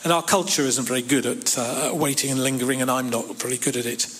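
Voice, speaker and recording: A man's voice: medium pitch, quick pace, fairly bright tone, husky. A man preaching a sermon, reading scripture aloud and adding dry humorous asides.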